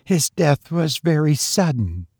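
A man voicing a sharp middle-aged sister. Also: a little high, very animated, slow pace, husky, no echo, clean studio sound, voice pushed up, heavily acted.

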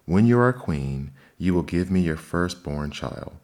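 A man with a very deep voice voicing a strange, sly little man with a raspy, bargaining manner in a storybook reading. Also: animated, measured pace, darkish tone. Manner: scheming bargainer.

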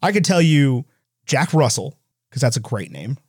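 A man in casual movie chat, animated, with quick asides and voices when he retells scenes. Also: medium pitch, breathy edge, no echo, studio quality.

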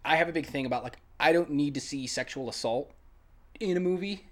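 A podcast co-host chatting casually about a film, laughing often and rambling excitedly. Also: mid-range voice, a little fast. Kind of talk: casual film-review chat.

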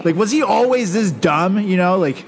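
A man's voice: sits high, animated, moderate pace. A man co-hosting a comedy podcast, roasting politicians with crude jokes and frequent laughter. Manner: crude, mocking, laughs often. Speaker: podcast co-host.

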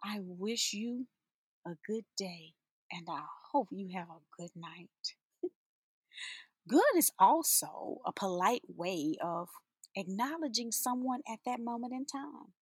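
A woman's voice: medium pitch, animated, takes it slowly, husky, no echo, studio quality. A woman teacher giving an inspirational spoken-word monologue, sassy and playful, laughing often and drawing out her words for emphasis.

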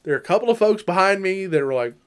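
Animated high-voiced man telling stories. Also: quick pace, clean tone. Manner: animated, laughs often, acts out quotes loudly. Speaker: podcast co-host. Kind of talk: casual storytelling chat.

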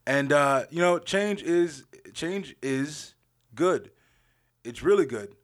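A man's voice: a little high, animated, takes it slowly. A young man hosting his own podcast, telling a story in a casual, rambling way, repeating phrases and laughing often. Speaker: podcast host.

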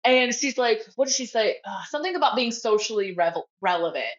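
On a casual podcast, the guest co-host, a woman, swears freely and slips into put-on voices to act out lines from films. Her voice is on the high side, animated and brisk, and the recording is muffled.

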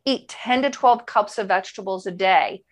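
A woman's voice: medium pitch, normal speed. A woman nutrition coach speaking in a podcast interview, enthusiastic and emphatic, repeating her key phrases for effect.

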